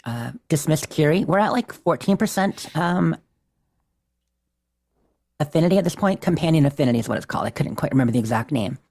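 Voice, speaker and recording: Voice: mid-range voice, expressive, fairly quick, a little mellow. A podcast co-host casually recapping a game playthrough, chatty and self-deprecating, often laughing.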